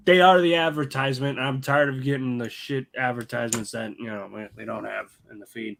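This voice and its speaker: A man's voice: medium pitch, fairly even intonation, a little fast, creaky, fairly bright tone, a little hiss or hum. A man co-hosting a casual podcast, blunt and sardonic, swearing casually. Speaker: podcast co-host.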